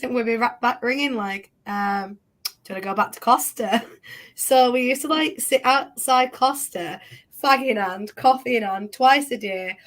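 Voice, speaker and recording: A woman from Yorkshire with a Yorkshire accent, a guest chatting frankly and casually. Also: high-pitched. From Yorkshire, northern England. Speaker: guest, psychic medium. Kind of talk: casual chat.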